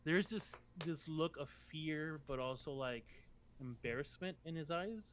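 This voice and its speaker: A man's voice: fairly high pitch, moderate pace, a bit bright, slight background noise. A man narrating as game master for a tabletop game, rambling with many ums and restarts.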